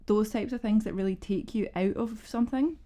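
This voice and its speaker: A woman's voice: mid-range voice, brisk. Wry woman scientist. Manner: animated, wry, swears for effect. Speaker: podcast co-host, scientist. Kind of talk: casual film review chat.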